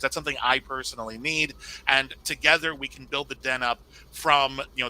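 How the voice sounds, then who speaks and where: A man arguing his case in a casual podcast debate, talking fast and animated, sometimes over others. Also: mid-range voice, a little hiss or hum, low-quality recording.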